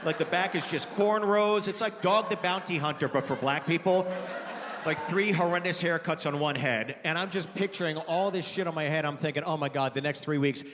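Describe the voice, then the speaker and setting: A male stand-up comic tells stories on stage in a somewhat high voice, acting out both sides of each exchange. His voice carries a long reverb from the live venue, with audience laughter behind him. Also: moderate pace, fairly bright tone, slight background noise. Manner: conversational storytelling, acting out both sides of dialogue. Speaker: stand-up comedian. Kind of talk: stand-up comedy set.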